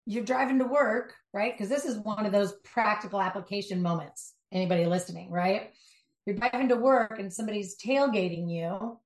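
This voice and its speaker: A middle-aged woman from Southern California talks as an interview guest in an echoey room, her voice sitting at an ordinary middle pitch. She speaks emphatically, piling up words and slipping into quick asides. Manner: animated, emphatic storytelling with asides and mock voices. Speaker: guest, life coach. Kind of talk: conversational interview.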